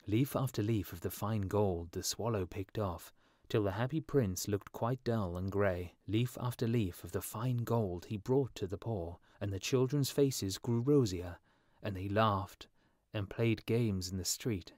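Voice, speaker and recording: A man reading a fairy tale aloud as a storyteller, in slow, clear scripted narration for English learners. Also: on the low side, darkish tone, no room sound, clean studio sound.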